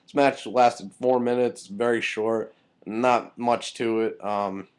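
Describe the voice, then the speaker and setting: A man's voice: medium pitch, steady tone, slow pace, clear, resonant tone. A young man giving a casual, heated recap of a wrestling show, angry and swearing freely.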